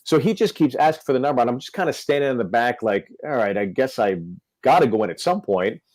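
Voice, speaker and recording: A man's voice: mid-range voice, expressive, fast, a little mellow, no room sound, poor audio. A male comedian telling a story on a podcast, acting out the quotes. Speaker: comedian guest.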